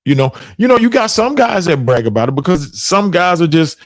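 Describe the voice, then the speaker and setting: Middle-aged male podcast host, lively storyteller with a fairly high voice who laughs a lot, dry close sound. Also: fairly quick, no echo. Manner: animated, laughs often while telling stories. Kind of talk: casual storytelling chat.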